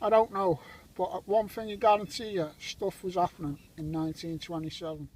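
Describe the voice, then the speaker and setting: A man in his forties with a fairly high voice rambles through casual commentary as he sweeps a field with a metal detector. He is jokey and chatty, teasing friends and handing out shout-outs between finds, recorded outdoors. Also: little pitch movement, moderate pace, very noisy. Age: 40s.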